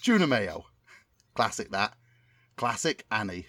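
A man's voice: fairly low pitch, big pitch swings, unhurried, bright, forceful tone, dry recording, clean studio sound, heavily acted. A man doing an impression of a middle-aged northern English entertainer with a Bolton accent, rambling in a chummy, oblivious way.

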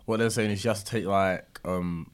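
A man's voice: sits low, fairly even intonation, normal speed, clear, resonant tone. A man hosting a casual podcast chat, explaining topics in a laid-back way. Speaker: podcast host.

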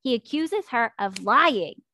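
A woman's voice: a little high, slow pace. Indignant woman recapping a book. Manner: animated, indignant retelling with swearing. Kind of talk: casual chat about a book.

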